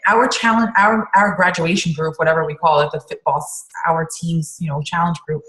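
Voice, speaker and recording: A woman's voice: low voice, steady tone, normal speed, a bit bright. Woman rambling on a roomy call. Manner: rambling, many fillers and restarts. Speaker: team coach on a group call. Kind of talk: casual team call chat.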